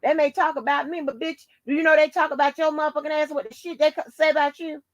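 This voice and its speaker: A woman's voice: high voice, fairly even intonation, fast, dry recording. A woman hosting her own channel, delivering a heated, profanity-laden rant full of taunts and insults. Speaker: channel host. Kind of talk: angry profane rant to the camera.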